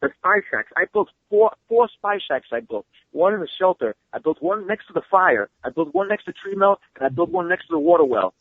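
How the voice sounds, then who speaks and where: Fast-talking man on a tinny phone line. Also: high voice, dry recording. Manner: fast, excitable storyteller who swears freely. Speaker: guest. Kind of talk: animated storytelling, casual interview. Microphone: phone call.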